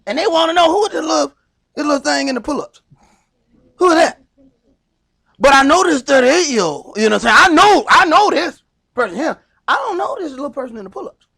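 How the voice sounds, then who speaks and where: A man with a Southern US accent teaching a Sabbath Bible class in a loud, animated sermon style, acting out little skits. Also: very high-pitched, brisk, creaky, long pauses. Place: congregation hall.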